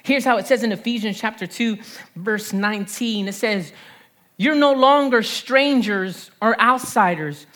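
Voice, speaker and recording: A pastor in her thirties, speaking with a New Jersey accent, delivers a lively sermon full of call-and-response and repeated phrases. Her voice sits on the high side, and she takes her time.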